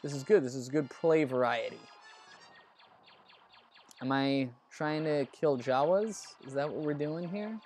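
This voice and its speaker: A man's voice: fairly high pitch, a little slow, pauses often, a little mellow, faint music behind. A man hosting a let's play, chatting casually and rambling about movies while he plays, and cursing under his breath when the game goes wrong. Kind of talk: casual gameplay commentary.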